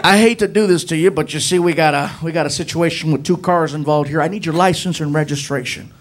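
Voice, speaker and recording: A man voicing a friendly highway patrol officer who speaks calmly and officially, in a noisy live recording. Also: fast, lightly acted. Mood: apologetic. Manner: calm, official, apologetic.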